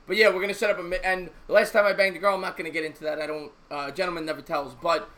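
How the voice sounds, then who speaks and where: A man's voice: sits high, fairly even intonation, rapid-fire, fairly bright tone. A man co-hosting a casual live sports talk stream, telling a rambling joke and reading out viewer messages. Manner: rambling, repeats himself, tells jokes.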